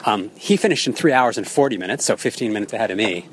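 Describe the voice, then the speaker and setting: A man's voice: fairly low pitch, expressive, fast talker, slight background noise. A middle-aged man casually recounting his marathon in a rambling, self-amused way. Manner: rambling, chatty, lots of ums and restarts, laughs at himself. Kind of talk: casual spoken recap.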